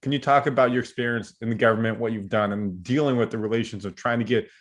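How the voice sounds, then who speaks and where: A man's voice: medium pitch, steady tone, fast talker. A young man from Southern California hosting a podcast, casual and rambling, often correcting himself. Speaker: podcast host. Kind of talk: conversational interview.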